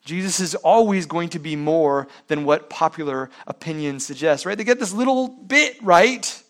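Man, preacher, lively swings in pitch and loudness, rhetorical questions. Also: moderate pace. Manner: animated preaching with rhetorical questions and sports analogies. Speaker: pastor. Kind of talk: sermon.

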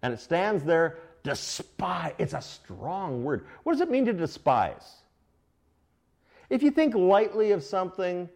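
A middle-aged male pastor preaching an expository sermon, questioning his congregation and swinging between emphatic bursts and quiet asides. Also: high-pitched. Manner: animated teaching, asks the congregation questions. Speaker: pastor teaching a Bible study.

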